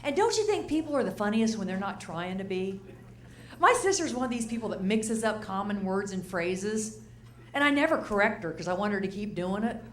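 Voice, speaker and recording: A woman's voice: mid-range voice, very animated, a little fast. An older woman performing a stand-up routine on stage, chatty and asking the crowd questions, now and then acting out the people she talks about. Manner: chatty, asks the crowd questions, acts out characters. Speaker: stand-up comedian. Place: comedy stage before a live audience. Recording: roomy live venue.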